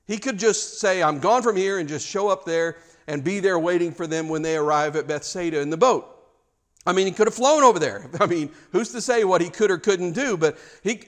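A middle-aged man delivers a sermon in a loose, conversational way. His voice sits high for a man, and he slips into animated little performances of the people in his story. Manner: chatty, animated, acts out quotes. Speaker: pastor.

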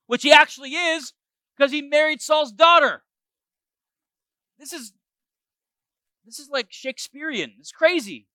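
A man preaching, retelling a Bible story in an animated way with joking asides to the listeners. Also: very high-pitched, moderate pace, long pauses, no room sound. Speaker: pastor.

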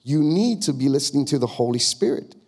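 A man's voice: medium pitch, lively intonation, fairly quick, darkish tone, slightly rough. A male pastor preaching a conversational sermon, acting out quoted questions in a raised voice.

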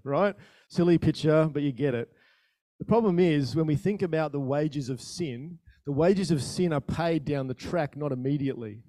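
A man preaching a sermon in a conversational style, asking the listeners questions and telling stories with sudden bursts of loudness. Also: a little high, normal speed, dry recording, studio quality. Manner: animated storytelling with sudden rises in volume. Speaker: pastor.

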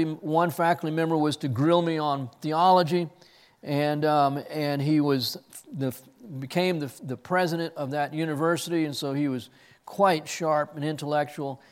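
A man's voice: on the high side, clean tone. A man preaching an expository sermon, earnest, who often repeats words as he searches for the next ones. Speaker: pastor. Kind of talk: expository sermon with personal story.

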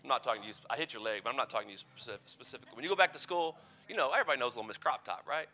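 A man's voice: medium pitch, racing, bright, forceful tone, soft background music. A man in his thirties giving a playful, conversational youth sermon full of personal stories. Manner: playful, conversational, teasing asides. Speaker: youth pastor.

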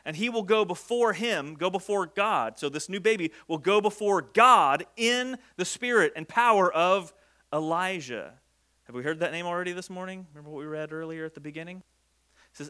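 A man with a high, bright voice gives a relaxed, jokey sermon. He keeps slipping into the voices of the people in the story. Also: moderate pace. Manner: conversational, jokey, acts out quoted speech. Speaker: pastor.

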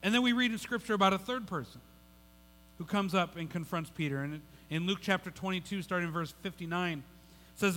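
A man's voice: high-pitched, a little fast, pushed and bright. A male pastor preaching a sermon in a conversational way, often repeating words and restarting his sentences. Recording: long hall reverb.

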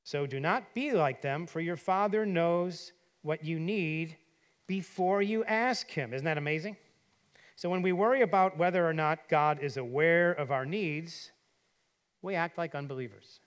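A middle-aged male pastor preaching a sermon, asking rhetorical questions and leaning hard on quoted verses, then dropping quiet for asides. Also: a little slow. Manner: drops to a quiet, low voice for asides.

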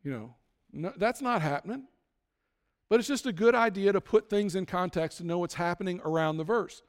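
A man preaching a sermon as pastor, building from calm teaching to loud, emphatic peaks. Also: sits high, a little fast, big-room sound.

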